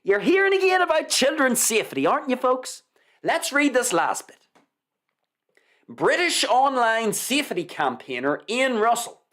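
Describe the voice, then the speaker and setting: A man's voice: very high voice, sing-song, moderate pace, a bit bright. Sarcastic man with a wildly swooping delivery. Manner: sarcastic, mock-reverent, repeats lines for effect. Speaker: host. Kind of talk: live news commentary, reading an article aloud.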